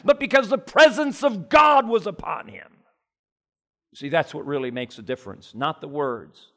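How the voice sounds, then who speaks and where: Impassioned male preacher. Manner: impassioned, rising loud and high then dropping low into prayer. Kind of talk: sermon.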